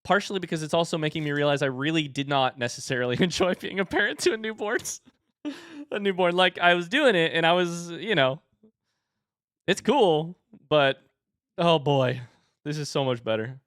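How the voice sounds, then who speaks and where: A man in his thirties chatting casually with his live-stream audience in an animated way. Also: a little high, normal speed, no echo, clean studio sound. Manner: chatty and animated, baby-talks his dogs.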